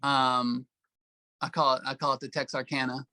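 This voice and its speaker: Southern-accented man, halting interview guest. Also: medium pitch, flat delivery, sharp tone, dry recording. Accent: Southern US, Arkansas. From Arkansas, US. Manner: halting, with many "um"s and restarts. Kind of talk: casual interview answers.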